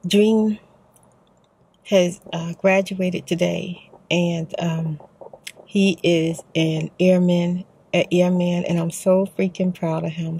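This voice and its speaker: A tired, middle-aged Texan woman rambles softly to her viewers in a soft-spoken vlog. Her low voice is gravelly and husky, and she sounds exhausted and emotional as she talks from her parked car. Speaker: ASMR vlogger.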